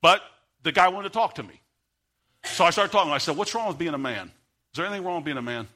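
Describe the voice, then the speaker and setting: A man preaching a sermon in church. He tells stories quietly, then builds to loud, fervent preaching. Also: a little high, expressive, quick pace. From United States. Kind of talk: sermon with storytelling.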